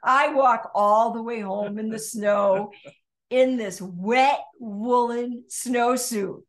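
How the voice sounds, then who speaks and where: An older woman co-hosting a podcast, telling a childhood story in a lively, laughing way. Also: a little high, slow. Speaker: podcast co-host. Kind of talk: storytelling chat.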